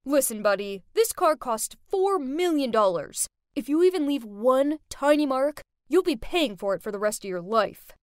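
A rude, arrogant rich boy barking orders, as a woman narrator lowers her voice to put him on. He sounds bossy and threatening, pushed louder than the narration. The sound is dry and close. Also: expressive, normal speed, few pauses, no room sound.

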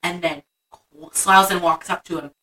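Bright-voiced young woman recapping a film. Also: lowish voice, moderate pace, far from the mic, poor audio. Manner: animated retelling, acts out lines. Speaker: podcast co-host. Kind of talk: casual movie chat.

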